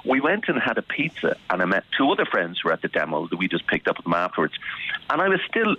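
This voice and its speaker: A man with an Irish accent calling a radio show, telling his story in an animated, indignant way. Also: deep voice, fast talker, highs cut off. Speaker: caller.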